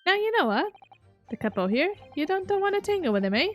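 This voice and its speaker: A woman's voice: extremely high pitch, sing-song, fast, fairly bright tone, soft background music, pitched above the performer's own voice, heavily acted. A woman voicing a boisterous male criminal boss with a put-on Italian accent, swaggering and sing-song.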